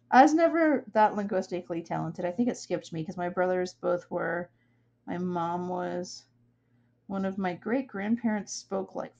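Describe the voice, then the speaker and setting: A woman's voice: medium pitch, darkish tone, muffled recording. A young woman from upstate New York, an artist chatting casually and rambling while she works, laughing often. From upstate New York, USA. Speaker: artist streaming her work. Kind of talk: casual chat while drawing.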